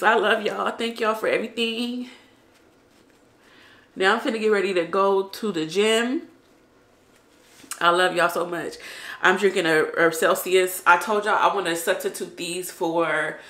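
A woman's voice: mid-range voice, pushed and bright. A young woman vlogging to camera, emotional at first and then chatty and upbeat with her viewers. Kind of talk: emotional casual vlog talk to camera. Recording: echoey room.

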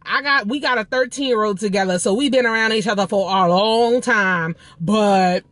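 A woman's voice: mid-range voice, normal speed, a bit bright, dry recording, voice pushed up, close to an everyday voice. A woman imitating a brash, sassy stranger, slangy and defensive. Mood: indignant. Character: brash loud woman, streetwise, annoyed.

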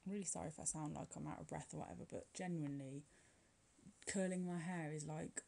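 A woman's voice: deep voice, steady tone, a little fast, creaky, mellow. A woman chatting casually through a nail art voice-over, rambling with frequent light laughs and filler words. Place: at home, curling her hair while recording.

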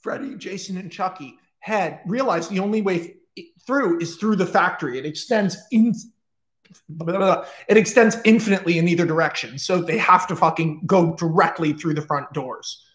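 A man pitching a movie plot casually on a livestream, excitable and profane, racing through in bursts with restarts. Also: normal speed.

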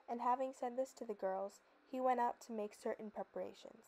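A woman narrating a folktale in a calm, scripted storybook style. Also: on the high side, a little fast, low-quality recording.

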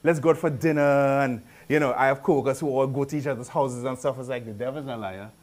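A man preaching a sermon in a lively, conversational way, with rhetorical questions, repetition and humorous asides in local speech. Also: mid-range voice, fast talker.

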